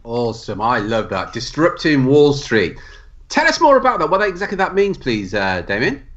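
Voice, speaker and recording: A man's voice: mid-range voice, big pitch swings, normal speed, a bit bright, dull audio. A man hosting a podcast interview, upbeat and jokey. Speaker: podcast host.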